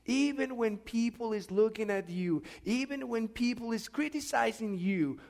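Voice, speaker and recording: A man preaching a sermon, swinging between loud, urgent outbursts and hushed asides, and asking the congregation questions. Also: extremely high pitch, moderate pace, gravelly, few pauses. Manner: asks the congregation questions and has them repeat.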